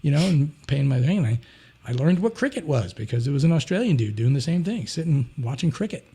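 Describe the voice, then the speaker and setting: A man talking as a podcast guest, telling a long story in an animated, rambling way and acting out other people's voices. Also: on the high side, fast talker, gravelly, husky. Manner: rambling, with frequent restarts and "you know". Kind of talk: casual anecdote storytelling.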